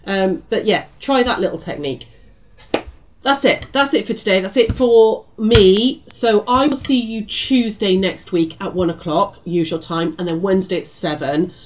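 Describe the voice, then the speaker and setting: A woman's voice: mid-range voice, normal speed, slight background noise. Chatty British woman teaching quilting. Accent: British English. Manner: chatty and reassuring, calls viewers lovely and love. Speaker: quilting shop host. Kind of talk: live quilting tutorial chat.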